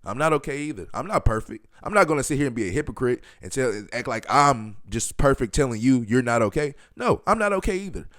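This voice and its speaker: A man's voice: mid-range voice, fast talker, hardly any pauses, dry recording, studio quality. Emphatic man hosting a solo podcast. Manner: loose and emphatic, with frequent fillers and bursts of loud excitement. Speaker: podcast host.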